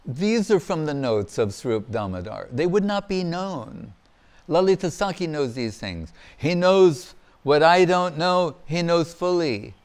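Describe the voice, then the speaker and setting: A man giving a devotional lecture as a monk, telling scripture stories in an animated way and acting out the quotes. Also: on the high side, unhurried. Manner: animated storyteller, acts out quotes with laughter. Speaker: monk giving a spiritual discourse.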